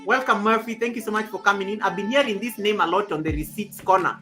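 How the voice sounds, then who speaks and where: A young woman from Kenya chats on her home livestream, loud and lively as she welcomes each viewer by name. Her voice sits at an ordinary middle pitch. Clear music plays underneath her talk. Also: fast talker. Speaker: livestream host. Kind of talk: casual livestream chat. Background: background music.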